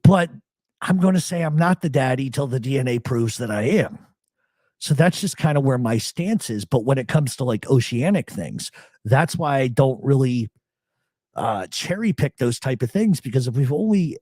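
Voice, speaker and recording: A man's voice: mid-range voice, no echo. Guy hosting a live stream, swears a lot, voice jumps all over, dry close mic. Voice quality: profane, animated storyteller. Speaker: podcast host. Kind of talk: casual live-stream chat.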